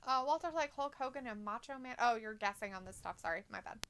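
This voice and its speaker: Woman, co-host, casual stream chat, reads comments aloud, giggles a lot, crisp clear voice. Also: a little high, animated, quick pace, fairly bright tone. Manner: giggly, laughs often between remarks; playful teasing of her co-host. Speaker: co-host of a live wrestling watch-along stream.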